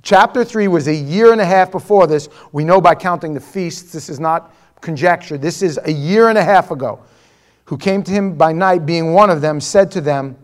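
Male pastor, high-pitched, animated expository preaching, drops to hushed asides then rises to heated mimicry. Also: normal speed. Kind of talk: expository sermon.

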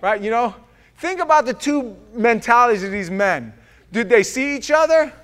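A man's voice: extremely high pitch, lively intonation, normal speed, fairly bright tone, clean tone. A man preaching a sermon, joking and acting out the scripture with voices. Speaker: pastor.

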